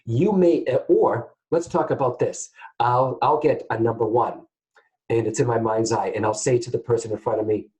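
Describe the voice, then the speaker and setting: A man teaching psychic mediumship to camera in a casual, animated way, often checking in with his viewers. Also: medium pitch, normal speed, poor audio. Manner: animated, keeps checking in with "guys, okay?".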